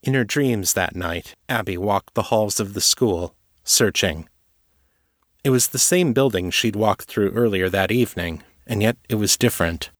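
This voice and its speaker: A man giving measured, scripted narration of a story. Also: lowish voice, a bit bright, no echo, studio quality.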